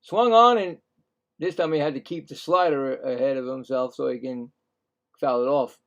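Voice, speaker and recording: A man doing live play-by-play commentary on a baseball game, chatty and excitable, getting louder on big plays. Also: medium pitch, dull audio. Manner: acts out players' thoughts in quick asides.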